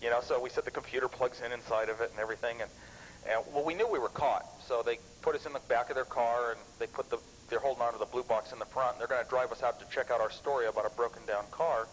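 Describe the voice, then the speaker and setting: A guest speaker at a computer club tells anecdotes to a live audience, lively and chuckling, rambling with many restarts. His voice is medium-pitched and fast, captured on a low-quality recording with some hiss or hum.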